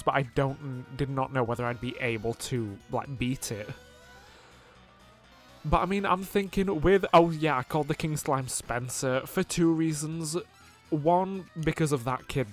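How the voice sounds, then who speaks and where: A man casually commentating a video game, rambling and chatty, with frequent laughs and filler words. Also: medium pitch. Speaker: gameplay commentator. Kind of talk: casual let's play commentary.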